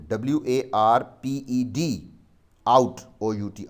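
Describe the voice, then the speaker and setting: A man's voice: mid-range voice, a little slow. A male teacher with a Pakistani English accent, dictating a vocabulary exercise and spelling words letter by letter.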